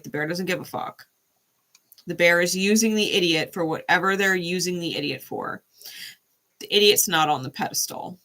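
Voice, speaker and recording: Brief: woman channel host reading tarot, loose and profane, bright, forceful voice. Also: low voice, poor audio. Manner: blunt, profane, animated. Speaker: tarot reader.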